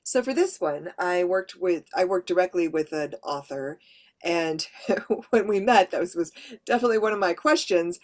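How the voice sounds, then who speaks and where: A woman's voice: fairly low pitch, lively intonation, moderate pace. A woman who narrates audiobooks, giving a practical workshop presentation and explaining her points with examples. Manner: practical, explains with read-out examples, light laughs.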